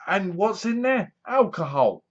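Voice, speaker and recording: A man's voice: sits high, big pitch swings, a little slow, dull audio. A man reviewing a horror film, retelling the plot with acted-out reactions and sound effects. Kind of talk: casual film review monologue.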